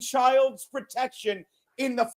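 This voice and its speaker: A man's voice: extremely high pitch, steady tone, takes it slowly. Male livestream host, heated ranter who swears, keeps apologizing for interrupting. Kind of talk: casual chat.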